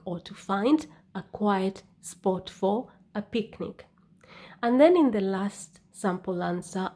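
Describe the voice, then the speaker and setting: Slow, deliberate woman teaching English. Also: medium pitch, a little mellow. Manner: slow, deliberate, repeats "okay?". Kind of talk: scripted lesson narration.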